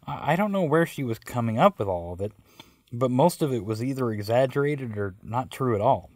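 A man's voice: medium pitch, expressive, brisk, a little mellow, dry recording. A man telling a first-person story with wry, self-mocking narration.

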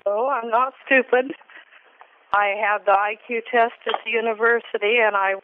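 A woman's voice: on the high side, steady tone, normal speed, slight background noise. A woman on a phone call, defending herself with a laugh after being insulted. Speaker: caller. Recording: thin phone line.

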